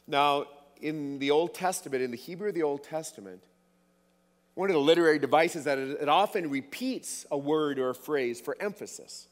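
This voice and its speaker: A man's voice: mid-range voice, normal speed, in a large hall. A man preaching a sermon, emphatic, repeating words for stress.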